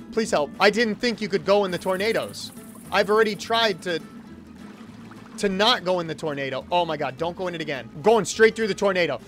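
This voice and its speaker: A man reviewing a video game with jokey, excitable commentary and sudden exclamations. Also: high voice, brisk, faint music behind. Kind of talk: comedic gameplay commentary.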